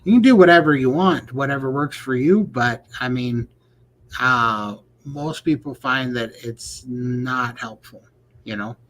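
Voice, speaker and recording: A man's voice: medium pitch, unhurried, fairly bright tone, poor audio. A man co-hosting a casual livestream chat, joking in a folksy way and reading viewer questions aloud. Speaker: podcast co-host.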